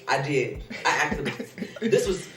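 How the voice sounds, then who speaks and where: A young woman telling a story in casual chat, animated and profane, acting out both sides of the dialogue. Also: sits low, unhurried, far from the mic. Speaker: podcast host. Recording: echoey room from off-mic, faint music.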